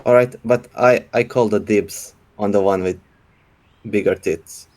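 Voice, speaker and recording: A brash, boastful dwarf sea captain in a fantasy tabletop game, tossing out a hearty "aye", as a man plays him in a lowish, everyday voice. He talks casually and with swagger. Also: steady tone, measured pace, darkish tone, close to an everyday voice. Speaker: player.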